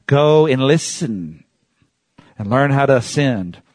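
Animated and taking it slowly, a medium-pitched pastor preaches, alternating hushed asides with shouts and prompting the congregation to echo his phrases. The recording has no echo.

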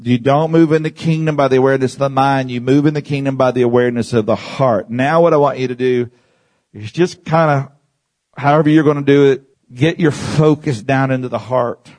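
A man's voice: mid-range voice, fairly quick, a little mellow. Guy preaching to his church, keeps saying amen, has the crowd repeat stuff back, regular middle voice. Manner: guides the audience through exercises with call-and-response; repeats phrases and punctuates with "Amen". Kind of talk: sermon teaching.

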